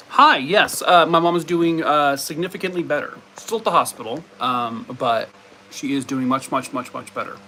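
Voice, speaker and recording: Lively, drawn-out man chatting with his dogs. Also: fairly high pitch, a little hiss or hum. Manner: playful, scolding and baby-talking his dogs. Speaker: live streamer. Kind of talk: casual live stream chat. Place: home in Arizona.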